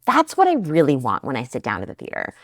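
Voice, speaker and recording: A woman's voice: a bass voice, huge pitch swings, fast talker, no echo, studio quality. A woman from New Jersey co-hosting a casual podcast chat, enthusiastic and chatty with frequent fillers. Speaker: co-host.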